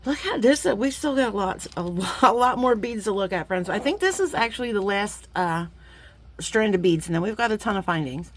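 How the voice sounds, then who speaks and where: A woman, chatting warmly to viewers as she gushes over beads in a casual unboxing vlog. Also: medium pitch, expressive, normal speed. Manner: chatty and gushing, talks to viewers as friends; sometimes drops to a playful whisper. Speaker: jewelry-making vlogger.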